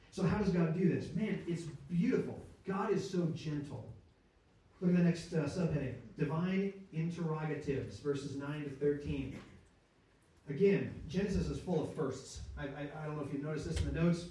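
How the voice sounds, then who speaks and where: Leading a conversational Bible study, this man asks rhetorical questions, checks in with his listeners, and often restarts or fixes sentences partway through. His voice is fairly high and mellow at a normal speed. He sounds distant, picked up from afar in a very echoey room.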